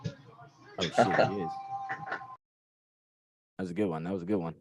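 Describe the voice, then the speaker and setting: A man's voice: sits low, fairly even intonation, unhurried, over music. Joking, rambling male fight-night commentator. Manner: joking, loose and rambling with slang. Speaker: podcast co-host. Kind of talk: casual fight-watching banter.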